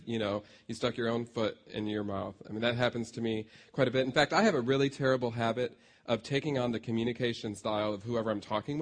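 Guy preaching in church, chatty and self-deprecating, voice sits mid-range. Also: mid-range voice. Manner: conversational, self-deprecating storytelling. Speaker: pastor. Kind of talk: sermon.

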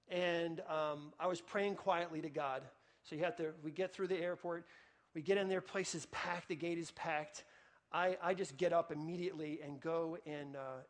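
With a fairly high-pitched voice, a middle-aged pastor tells his congregation a personal story in a chatty manner. He lowers to a hush for the prayers.

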